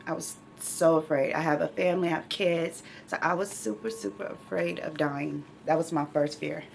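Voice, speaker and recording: A woman's voice: low-pitched, normal speed, creaky, a little hiss or hum. A middle-aged woman hosting her own channel, talking openly and emotionally to viewers in a casual, heartfelt way. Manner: emotional, speaks directly to viewers. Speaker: channel host living with myeloma. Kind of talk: heartfelt casual vlog talk.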